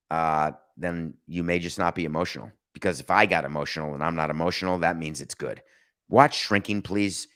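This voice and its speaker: A man's voice: low-pitched, a bit bright. A man hosting a podcast, giving emphatic and sarcastic opinionated sports talk. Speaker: podcast host.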